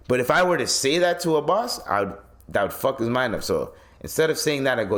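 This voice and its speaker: A man from East Africa, hosting a podcast and telling stories in a profane, animated rant. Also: mid-range voice, fairly quick. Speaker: podcast host.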